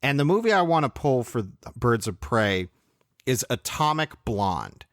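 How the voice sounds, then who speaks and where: A man co-hosting a film review podcast, talking in a measured, thoughtful way with clear opinions. His voice sits at an ordinary middle pitch. The sound is dry and close, with no room echo. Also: big pitch swings. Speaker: podcast co-host. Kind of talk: casual film review chat.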